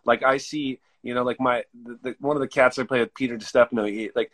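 A man's voice: medium pitch, fairly even intonation, fast talker, a bit bright. A laid-back man hosting a casual chat who swears freely as he talks.

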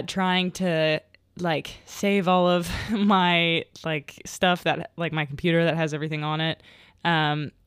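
This solo podcast host, a young adult woman with a low-pitched, clean voice, tells casual, wandering stories full of filler words and regular laughter. There's no room sound, just clean studio audio.

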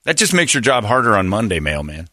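Low, lively sardonic male radio host. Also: fast talker, background noise. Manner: sardonic storyteller with dark humor. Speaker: radio morning show host. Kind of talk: casual studio banter. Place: radio studio.

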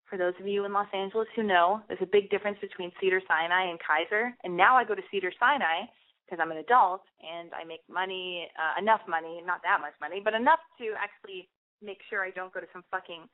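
A woman's voice: fairly low pitch, fairly quick. A young adult woman hosting an advice podcast, talking bluntly and profanely in a rambling, self-correcting casual monologue. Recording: tinny phone-like sound.

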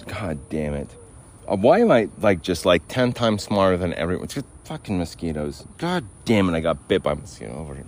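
A low-voiced man hosts a casual podcast from outdoors. He talks in a sardonic, rambling way and swears freely. His delivery stays loose and unscripted. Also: sing-song, brisk, darkish tone. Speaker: podcast host. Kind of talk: casual profane rant.

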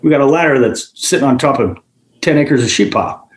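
A man, a guest, telling work stories in a casual, animated way, acting out the voices of the people in them. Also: mid-range voice, brisk, echoey room, rough recording. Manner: animated, acts out quoted voices. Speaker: guest, general manager. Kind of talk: casual storytelling.

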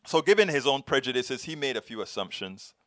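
A man with a foreign accent hosting a show, telling a story in earnest, halting commentary. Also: medium pitch, big pitch swings, fairly bright tone, no room sound, studio quality. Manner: earnest, halting, many restarts. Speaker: show host answering viewer questions.

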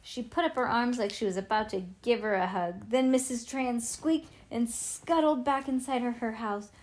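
A woman's voice: fairly high pitch, normal speed, darkish tone. A woman reading a children's book aloud in a playful way, adding chatty asides to her listener. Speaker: storybook reader.

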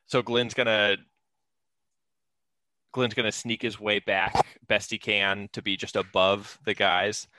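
A man's voice: lowish voice, flat delivery, slow, heavy background noise. A young man talking as a player in a tabletop game, hesitant with many fillers.

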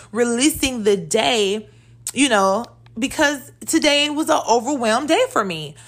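A woman in her thirties hosting a solo podcast, talking candidly and in a chatty, animated way. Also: on the high side. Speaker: podcast host. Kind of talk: casual solo podcast talk.

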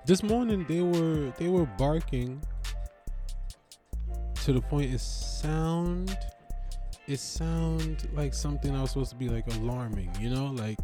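A man's voice: mid-range voice, measured pace, pauses often, warm tone, soft background music. A man hosting a podcast, rambling in a casual solo monologue with slangy, profane storytelling and repeated phrases. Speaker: podcast host.

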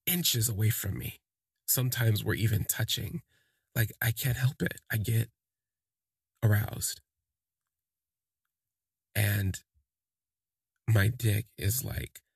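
Gravelly man rambling through a story. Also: lowish voice, dry recording, studio quality. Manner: rambling, full of "like" and "you know". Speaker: podcast storyteller. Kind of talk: casual first-person storytelling.

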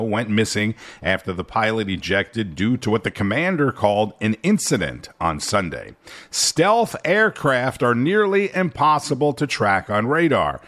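A man's voice: mid-range voice, a bit bright. A man hosting a daily news brief, reading headlines with wry asides. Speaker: news host.

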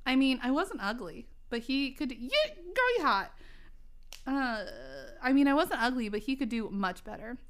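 Woman reading old fiction aloud for laughs, smooth and highish voice, jokey asides. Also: normal speed, few pauses. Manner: laughing, self-mocking asides. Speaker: reader.

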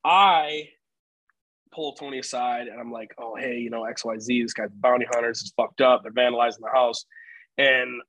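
A young man tells a rambling story on a podcast, his voice bright and forward. He laughs easily as he goes. The sound is dry and close, with no room around it. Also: medium pitch, fairly even intonation, moderate pace, no echo, rough recording. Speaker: podcast co-host. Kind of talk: casual storytelling chat.

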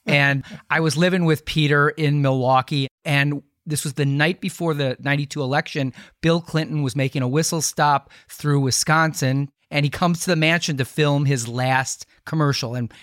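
A man co-hosting a podcast, telling a story in a quick, chatty way and laughing easily. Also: a little high, steady tone, fairly bright tone, dry recording, clean studio sound. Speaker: podcast co-host. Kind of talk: casual podcast chat.

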